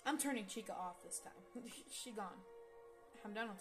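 Woman, casual gameplay commentary, excitable and foul-mouthed, chats at the on-screen characters; faint game music underneath. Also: fairly high pitch, a little fast. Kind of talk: casual let's-play commentary.

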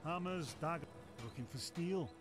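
An actor voicing a male blacksmith in a game, with brisk sales patter. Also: a little high, faint music behind, lightly acted. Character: male blacksmith hawking weapons.

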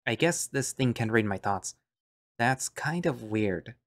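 A man's voice: mid-range voice, expressive, a little slow. A man narrating an audio drama in first person, musing and understated.

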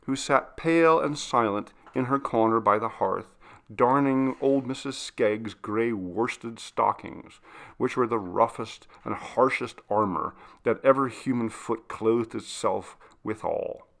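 A male narrator reads a classic ghost story in a steady, measured way. His voice sits in a middle pitch with a noticeably gravelly texture. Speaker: audiobook reader.

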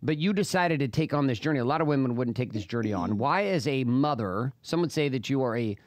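A man's voice: mid-range voice, animated, quick pace, dry recording. A man in his thirties co-hosting a podcast, prompting his co-host with questions. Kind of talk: casual conversation.

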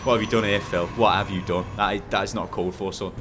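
A man's voice: steady tone, fast, noisy background. Jokey man commentating a game. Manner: jokey, bursts into laughter and high-pitched yelps. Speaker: esports commentator.

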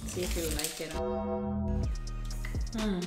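A woman's voice: fairly low pitch, takes it slowly, roomy sound, loud music behind the voice. A young woman, chatting casually and easygoing while tasting snacks. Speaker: guest taster. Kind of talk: casual chat.

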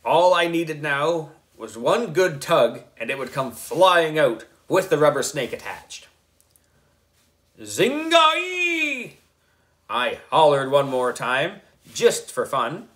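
A man reading a children's book aloud, narrating in an expressive, deliberate storytelling manner. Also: medium pitch. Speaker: book club reader.

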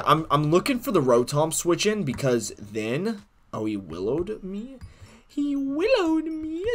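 A man's voice: fairly low pitch, a bit bright. A man giving profane, trash-talking live commentary while he plays a competitive game, swinging between rage and jokes.

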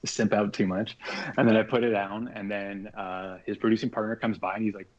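Low-voiced man telling a story casually. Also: brisk, muffled recording. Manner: animated, acts out quoted speech, swears freely. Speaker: podcast guest, artist.

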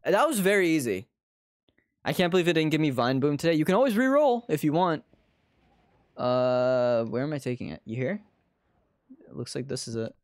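A man's voice: on the high side, big pitch swings, normal speed, long pauses, dry recording, studio quality. A male streamer casually commenting on his game to viewers, swearing freely. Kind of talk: gaming livestream commentary.

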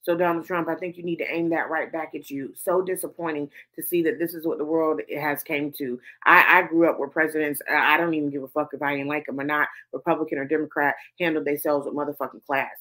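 A woman's voice: sits low, fairly even intonation, quick pace, few pauses, bright, forceful tone. A woman hosting a commentary show, ranting heatedly and swearing emphatically. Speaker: host.

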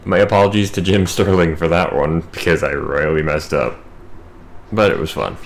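Low-voiced man giving gameplay commentary. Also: normal speed, vocal fry, a little hiss or hum. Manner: wry, chatty running commentary. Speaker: gaming video host.

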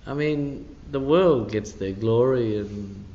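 A male pastor leads a midweek teaching in a church hall, speaking slowly with a warm, mid-range voice. His style is conversational and emphatic, full of asides and sprinkled with "you know." The recording sounds dull and echoey.

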